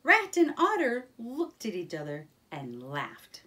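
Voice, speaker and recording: Slow, expressive woman reading a storybook. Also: a little high, recorded from a distance. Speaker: children's story reader. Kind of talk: storybook read-aloud.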